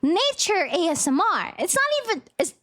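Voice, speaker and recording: A woman's voice: very high-pitched, big pitch swings, normal speed, a bit bright. A young woman streamer chatting casually on a live stream, bubbly and rambling, laughing easily. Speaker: VTuber streamer.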